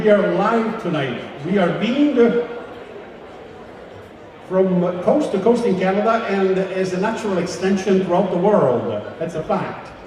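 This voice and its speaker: A chatty man emceeing a live gala, ad-libbing to the crowd over a PA microphone in a large banquet hall. His voice sits high. The sound is very echoey with a long reverb tail and heard from a distance, with faint noise behind. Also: a little mellow. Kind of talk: live event hosting and joke telling.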